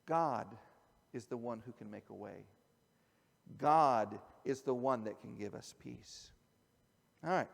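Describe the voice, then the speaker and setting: A man, a pastor, preaching a conversational sermon that moves from quiet asides to loud emphasis. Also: medium pitch, slow pace, vocal fry, long pauses. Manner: conversational, swings from soft asides to shouted emphasis. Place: church sanctuary. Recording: church hall with long reverb.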